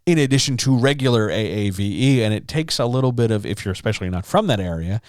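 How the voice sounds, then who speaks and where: A man's voice: on the low side, animated, fast talker, darkish tone, clean tone, no echo, clean studio sound. A man as a writing coach hosting a casual livestream Q&A, chatty and upbeat, talking straight to his chat through a podcast mic. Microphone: studio podcast mic.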